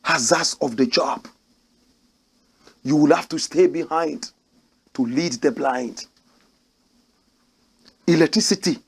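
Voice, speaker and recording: Guy hosting a rant show, high husky voice, fired up and mocking. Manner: fiery, mocking, rising to shouts. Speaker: commentary show host. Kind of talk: ranting political commentary.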